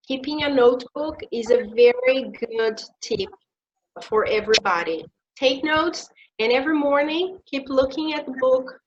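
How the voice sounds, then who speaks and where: A woman from Brazil speaks English with a Brazilian accent, her voice sitting a little high. She talks in a measured, explanatory way, like a teacher handing out tips. The sound is dull and lo-fi, as on an online video call. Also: slight background noise. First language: Portuguese. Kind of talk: casual conversation.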